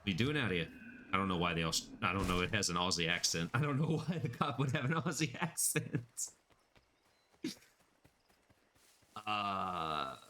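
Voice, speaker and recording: Male streamer, deep and crisp-edged, loose rambling chat, laughs a lot. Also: animated, a little fast, fairly bright tone, a little hiss or hum. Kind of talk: casual gameplay commentary.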